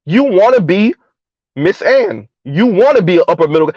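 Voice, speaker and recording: A man giving a heated, emphatic commentary rant on his vlog, repeating his points loudly. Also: high voice, very animated, normal speed, breathy edge, no echo, lo-fi sound. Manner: loud, emphatic, repeats points, laughs at times. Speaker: commentary vlogger.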